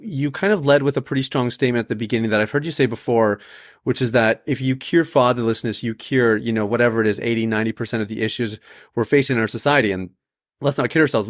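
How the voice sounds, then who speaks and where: A man hosting a podcast interview, relaxed and affirming, with casual fillers. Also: mid-range voice, dry recording, studio quality. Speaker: podcast host.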